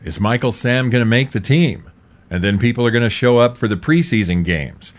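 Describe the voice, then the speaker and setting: A middle-aged man hosting a show, delivering an opinionated commentary monologue, emphatic and repetitive, jumping from loud outbursts to low asides. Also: fairly quick. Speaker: talk show host.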